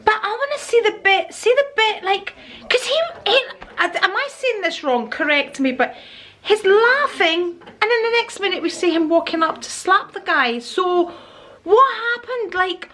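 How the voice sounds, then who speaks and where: A woman's voice: very high-pitched, expressive, normal speed, sharp tone. A middle-aged woman chatting casually to camera at home in a rambling way, laughing often. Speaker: vlogger. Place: at home, indoors.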